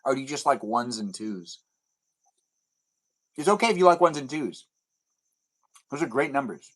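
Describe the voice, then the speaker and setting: His voice medium-pitched, expressive, and a bit bright, this young streamer rambles at a moderate pace as he responds to chat during a casual stream from home. A TV plays in the background.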